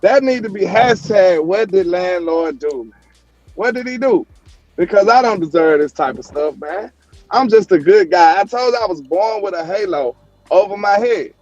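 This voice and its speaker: A man's voice: high-pitched, expressive, moderate pace, darkish tone, muffled recording, faint music behind. A man from Alabama with a Southern accent, hosting a casual chat and protesting his innocence in a playful, laughing way. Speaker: show host.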